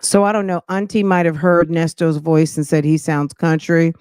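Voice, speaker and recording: A woman's voice: lowish voice, normal speed, hardly any pauses, darkish tone, clean tone, no room sound, studio quality. A woman from New Jersey hosting a reaction channel, chatting casually with sassy, judgy asides. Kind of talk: casual commentary.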